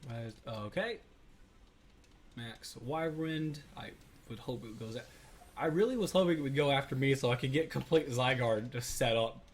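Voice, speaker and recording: A man's voice: medium pitch, animated, moderate pace, a little hiss or hum. Rambling man narrating his gameplay. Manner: rambling, self-correcting, many fillers. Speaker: let's play host. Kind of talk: casual gameplay commentary.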